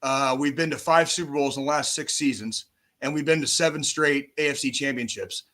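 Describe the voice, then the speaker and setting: A man in his forties, a podcast co-host, talking football in casual chat, profane and animated, on a call mic. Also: medium pitch, a little fast. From United States. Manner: profane, animated sports ranting.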